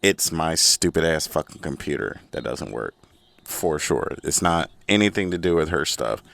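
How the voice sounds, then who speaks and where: A man's voice: very deep voice, expressive, moderate pace, vocal fry, a bit bright. A man hosting a casual solo podcast, rambling, profane and self-mocking, in a small recording studio. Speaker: podcast host.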